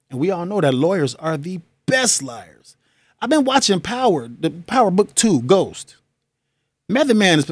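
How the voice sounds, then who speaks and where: Talking on his own podcast, a father delivers relaxed, emphatic commentary full of slang and regular laughs. His voice sits high, and the recording is dry.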